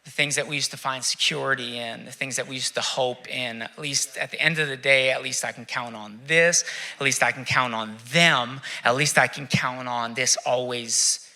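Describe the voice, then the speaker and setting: A male pastor preaching a sermon, reflective, asking rhetorical questions with dramatic pauses. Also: mid-range voice, steady tone, vocal fry, pushed and bright.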